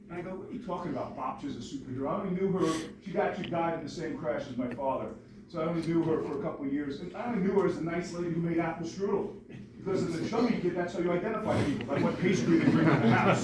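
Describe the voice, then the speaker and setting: Guy in his 40s from new york telling his story to a crowd, kinda high voice, far off mic, noisy echoey hall. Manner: lively, joking, storytelling. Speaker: motivational speaker. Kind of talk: storytelling speech to an audience. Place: large hall with audience.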